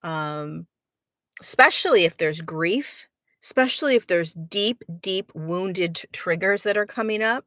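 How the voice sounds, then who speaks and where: Earnest woman with a bright, dry voice. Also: fairly low pitch, expressive, unhurried, no echo. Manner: earnest, repeats words for emphasis. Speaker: spiritual teacher and podcast host. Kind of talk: reflective podcast monologue.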